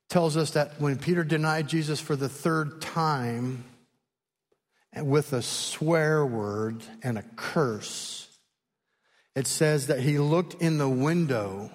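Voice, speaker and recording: A man preaching a sermon, retelling a story with lively, animated delivery and acted-out voices. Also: a little high, in a large hall. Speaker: pastor.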